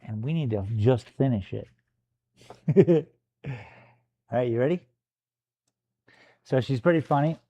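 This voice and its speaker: A man's voice: medium pitch, mellow. A man chatting casually and playfully on a live stream from a gallery studio while he paints, joking with his puppy.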